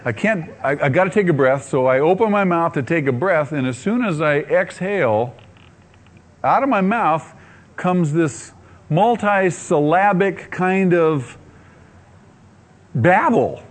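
Male preacher, somewhat high voice, lively swooping delivery, acts out his own thoughts. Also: measured pace. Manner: laughs often while telling. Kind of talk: sermon testimony storytelling.

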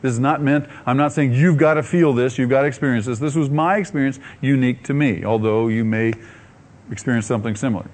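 A man preaching, telling his own story with animated delivery, acting out his inner dialogue and laughing often. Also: medium pitch, quick pace. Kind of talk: sermon testimony storytelling.

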